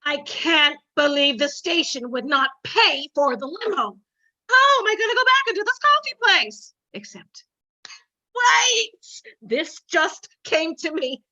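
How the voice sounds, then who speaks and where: An actress playing a vain, self-absorbed radio show host in a comedic parody monologue, boastful and melodramatic, on a dull lo-fi home recording. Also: female voice, very high-pitched, big pitch swings, unhurried, pushed and bright, no room sound, heavily acted. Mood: self-important. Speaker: comic actor.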